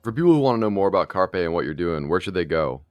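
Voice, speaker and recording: A man's voice: low-pitched, sing-song, fast, lo-fi sound, soft background music. A man interviewing podcast hosts with brief, casual questions.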